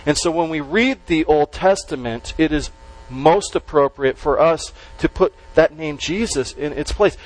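A man preaching a sermon to a congregation, stressing key words slowly and letting his voice drop at the ends of phrases. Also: a little high, low-quality recording. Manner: emphatic, with slow stressed words and dropped endings. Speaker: pastor.

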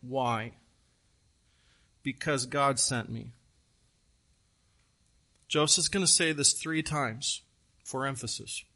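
A man preaching a sermon, retelling a scripture story with earnest, animated emphasis and repeated phrases. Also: medium pitch, slow pace, long pauses. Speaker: pastor.

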